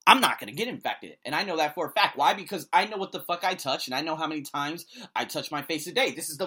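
A man who hosts an ESL podcast, ranting to camera with blunt profanity. He swings between loud outbursts and low muttering. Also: lively intonation, fast talker, hardly any pauses. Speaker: vlogger and ESL podcast host. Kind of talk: angry opinion rant to camera.

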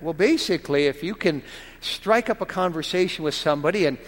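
A man's voice: fairly high pitch, brisk, in a large hall. A man preaching a sermon as pastor, reading scripture aloud and pressing his point with emphatic rhetorical questions.

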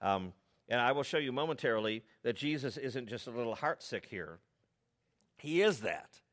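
Middle-aged pastor guy, chatty sermon storytelling, mid pitch, gets lively. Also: moderate pace. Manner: conversational storytelling, animated asides.

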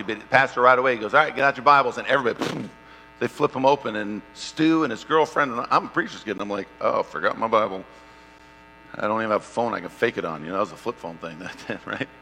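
A male pastor preaching with a bright, forceful voice. His storytelling swings from loud bursts to hushed, slow passages. The sound carries a long reverb, with a faint mains hum underneath. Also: medium pitch, creaky. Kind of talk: sermon with personal story.

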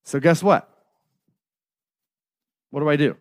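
A middle-aged man with a voice on the high side leads a live workshop at a slow pace, recorded in studio quality with no echo. He talks casually, swears, and often checks in with the audience by asking "right?".

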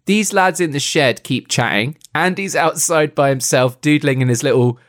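A man's voice: fairly high pitch, normal speed, fairly bright tone. A man hosting a comic podcast, retelling a story playfully and teasing his co-host. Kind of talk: comic book-club podcast chat.

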